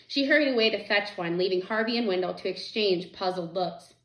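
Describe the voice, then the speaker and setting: A woman's voice: mid-range voice, a little fast, a bit bright. A woman teacher reads a novel aloud to students and adds casual, chatty asides between passages. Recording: echoey room.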